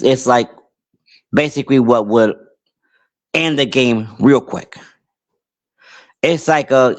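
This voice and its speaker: Rambling man telling a casual story. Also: medium pitch. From Puerto Rico, raised in New York. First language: English. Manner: rambling, many restarts, animated outbursts. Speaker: podcast host.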